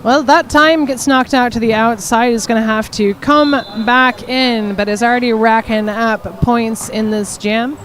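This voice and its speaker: A woman calling a sports game play by play, brisk and wry between plays. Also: on the high side, fairly even intonation, a bit bright. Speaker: commentator.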